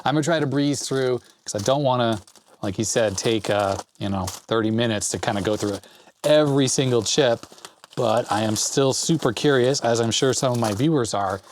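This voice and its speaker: A man's voice: mid-range voice, normal speed, slight background noise. Chatty man unboxing old chips. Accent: Canadian. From Canada. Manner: chatty and enthusiastic, rambling tech asides. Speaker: channel host. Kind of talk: casual mail-call unboxing chat. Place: home basement workshop.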